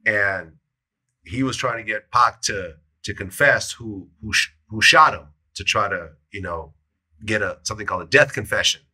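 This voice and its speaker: Man, interviewer, low pitch, sharp bright tone, relaxed prompting. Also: normal speed, slightly rough. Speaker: interviewer, show host. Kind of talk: interview questions.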